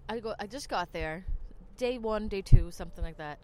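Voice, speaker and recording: A woman's voice: medium pitch, normal speed, a little hiss or hum. A woman with a New Jersey accent hosting a podcast, talking in a rambling, chatty way with lots of fillers. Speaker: podcast host. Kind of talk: casual monologue.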